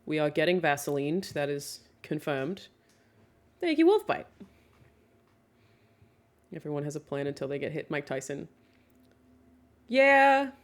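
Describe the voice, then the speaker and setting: A young woman with a deep, low voice talks casually to her stream, answering chat questions one after another. She is candid and chatty, swears without a second thought, and laughs easily between points. She speaks into a desk mic from a home streaming setup. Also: level tone, fairly quick, few pauses.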